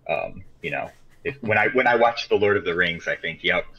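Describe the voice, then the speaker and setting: A man's voice: deep voice, expressive, a little fast. A man from Michigan, co-hosting a podcast in casual chat, rambling with many fillers and swearing freely. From Michigan, USA. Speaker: podcast co-host. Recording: dull lo-fi podcast audio.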